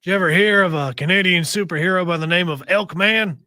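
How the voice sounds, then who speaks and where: A playful, teasing man co-hosting a radio talk show, slipping into sing-song bits. His voice is high and bright for a man, with a tense, forward edge. It is recorded dry and close. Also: fast, no room sound. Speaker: radio co-host. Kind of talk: casual radio banter.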